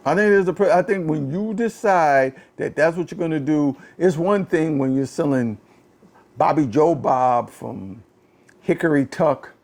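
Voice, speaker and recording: In this casual political commentary, a male podcast host takes an unhurried pace but stays animated and fed up, circling back to the same phrases and moving from quiet muttering up to a raised voice.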